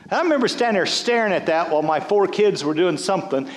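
A middle-aged male pastor delivers a sermon in an animated, joking manner, laughing and restarting quickly. His voice sits high, and a long reverb tail trails each phrase.

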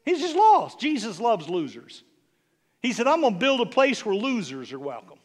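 A man's voice: sits high, wildly swooping pitch, normal speed. A middle-aged man preaching a sermon as a bishop, snarky and conversational, teasing his listeners.

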